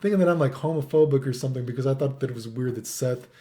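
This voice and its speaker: A man's voice: medium pitch, rapid-fire, dark tone. A man hosting his own channel, in a heated, profane rant that he keeps punctuating with "right?". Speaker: channel host. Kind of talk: ranting monologue.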